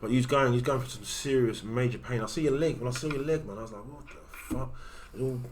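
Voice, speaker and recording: A man's voice: medium pitch, fast, a little hiss or hum. A man, a podcast guest who casually recalls events and often slips into quoting what people said. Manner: conversational, drops into quoted speech. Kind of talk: casual recollection in a podcast chat.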